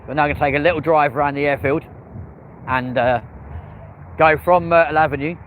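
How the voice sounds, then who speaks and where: A man, giving excitable live commentary outdoors by an airport and chatting with viewers by name. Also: fairly high pitch, fairly quick, narrow, tinny audio. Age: early 30s. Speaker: live-stream plane-spotting host. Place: outdoors near a busy airport and street. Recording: outdoor stream with loud traffic and urban noise.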